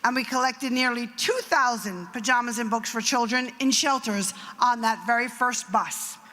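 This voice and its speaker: Her voice sits on the high side, pushed and bright, at a moderate pace. The middle-aged woman, who founded a nonprofit, is telling a story with acted quotes and asides during a speech at an event hall, captured with echo and faint noise.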